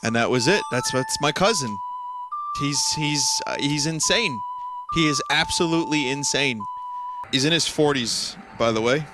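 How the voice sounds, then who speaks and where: A man's voice: on the high side, lively intonation, normal speed. A male streamer telling a long, rambling story while playing, full of fillers and laughs. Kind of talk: casual storytelling while gaming. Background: faint game music.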